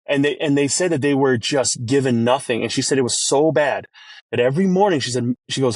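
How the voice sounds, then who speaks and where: A chef talking as a podcast guest, telling an emotional family story earnestly, with many restarts. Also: male voice, a little fast, a little mellow, no room sound. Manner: earnest, many restarts, rises in pitch when moved.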